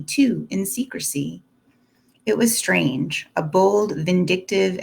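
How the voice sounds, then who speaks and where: Female audiobook narrator, low gravelly voice, steady classic-novel reading. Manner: steady, deliberate first-person reading.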